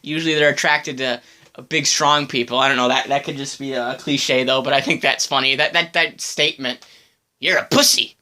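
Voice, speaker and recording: A man's voice: mid-range voice, fairly even intonation, a little fast, bright, forceful tone. Giggly, stammering male commentator. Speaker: video commentator. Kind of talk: reaction commentary.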